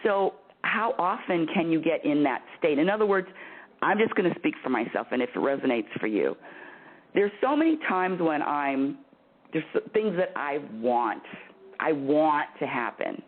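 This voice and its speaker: A woman hosts a spiritual call-in talk, her pitch swinging up and down as she goes. She laughs easily and circles back over her words. The sound is thin and phone-like. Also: moderate pace. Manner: animated, laughing, repeats words. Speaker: spiritual talk show host. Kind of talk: phone-in radio advice chat. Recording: tinny phone line.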